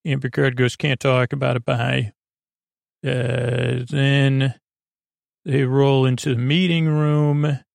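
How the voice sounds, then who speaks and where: A man with a gravelly, creaky voice meanders through a sleepy recap, stopping and restarting and filling gaps with uhs. His sound is close and dry, with no room around it. He retells the dialogue casually in his own voice. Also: medium pitch, no echo. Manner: meandering, halting, many fillers and self-corrections. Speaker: sleep podcast host. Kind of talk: rambling episode recap for sleep.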